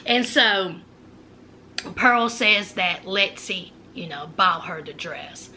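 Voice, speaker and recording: A woman casually recapping a TV episode, chatty and animated, peppering her talk with asides like "you know" and "honey.". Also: medium pitch, slow pace, a little hiss or hum. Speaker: TV show reviewer.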